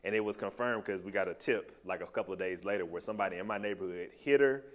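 A man sharing a personal testimony with a small group, telling his story in a loose, animated and heartfelt way. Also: low voice, quick pace.

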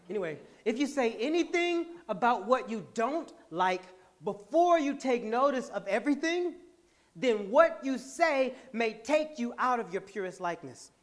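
A man hosting a podcast, giving an animated, laughing, preacher-like motivational talk to a live audience. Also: very high-pitched, normal speed. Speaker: podcast host and speaker.

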